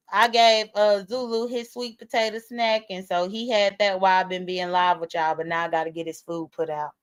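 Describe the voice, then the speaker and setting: A woman's voice: medium pitch, a bit bright, clean tone. A woman hosting a casual livestream, talking straight to her viewers with blunt, profane emphasis. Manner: talks straight to viewers as "y'all". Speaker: livestream host. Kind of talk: casual live-stream commentary.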